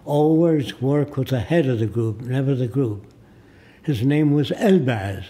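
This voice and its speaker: An animated man in his nineties from the US, with a medium-pitched, warm voice, tells stories as a guest in a studio interview. He's a deliberate storyteller who acts out the people he describes.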